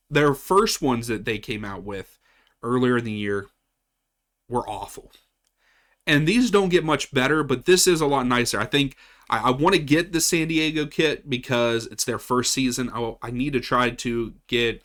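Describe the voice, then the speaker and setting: A man's voice: mid-range voice, a bit bright. A man from West Virginia chatting casually as he ranks soccer kits, often repeating himself and restarting sentences. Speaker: soccer channel host. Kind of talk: casual tier-list commentary.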